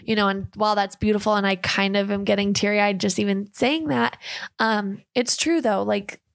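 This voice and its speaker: A woman's voice: mid-range voice, steady tone, normal speed, vocal fry. A woman co-hosting a podcast, a fitness trainer who earnestly talks listeners through breathing techniques in casual chat.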